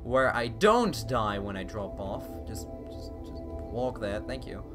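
A young man giving casual let's-play commentary, swearing often and bursting out excitedly between mumbled asides. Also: fairly low pitch, measured pace, over music. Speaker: gameplay video host.

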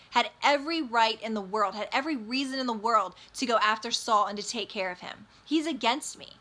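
A woman's voice: a little high, bright, forceful tone. A woman teaching a Bible study in an earnest, emphatic way.

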